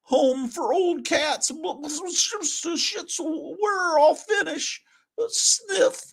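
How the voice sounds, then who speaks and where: A man's voice: very high-pitched, gravelly, pitched above the performer's own voice, exaggerated voice. A man doing a weepy old tomcat. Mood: self-pitying. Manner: whining, sniffling, melodramatic. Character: old washed-up male cat, weepy and pleading.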